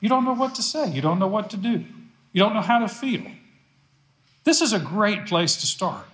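Preacher man, fairly high voice, lively and emphatic, repeats lines to drive them home, echoey church room. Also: moderate pace. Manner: emphatic, repeats phrases for stress. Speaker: pastor. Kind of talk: sermon.

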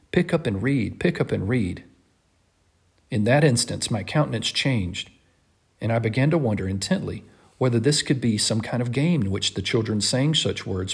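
Male reader with a slightly husky voice; earnest, impassioned dramatic reading of a classic text. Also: medium pitch.

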